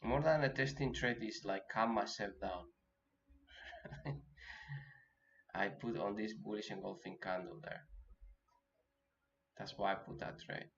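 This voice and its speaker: Low-voiced man thinking aloud while trading. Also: gravelly, a bit bright. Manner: thinking aloud, self-coaching, halting restarts. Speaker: day trader. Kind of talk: live trading commentary. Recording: dull lo-fi audio with faint noise.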